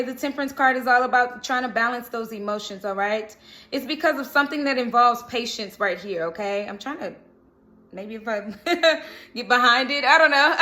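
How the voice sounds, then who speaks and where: A woman's voice: on the high side, bright, forceful tone. A woman giving a casual, reassuring tarot reading to camera, often checking in with "okay?". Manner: chatty, reassuring, frequent "okay?" check-ins. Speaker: tarot reader.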